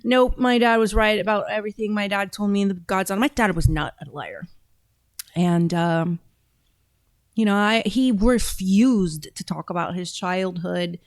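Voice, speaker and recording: A woman's voice: medium pitch, a little slow, dry recording, studio quality. A woman hosting a casual commentary show, reacting to video clips in a chatty, emphatic way. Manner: chatty, emphatic, talks with her mouth full at times.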